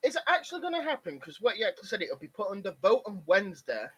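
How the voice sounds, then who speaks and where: Man, from england, deadpan co-host, high pitch, lively intonation. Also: very fast, over a noisy crowd. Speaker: podcast co-host. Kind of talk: casual chat.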